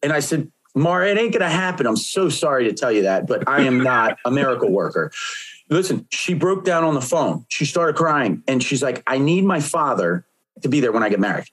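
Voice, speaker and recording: A man's voice: mid-range voice, a little fast. Man telling a story on a podcast. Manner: energetic storyteller, plain-spoken. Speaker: podcast co-host. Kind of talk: casual podcast chat, storytelling.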